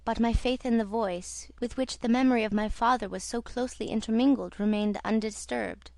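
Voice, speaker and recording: A woman reading the part of an earnest young female opera singer in an audiobook, in a soft confiding tone. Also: on the high side, fairly even intonation, fairly quick, gravelly, dry recording.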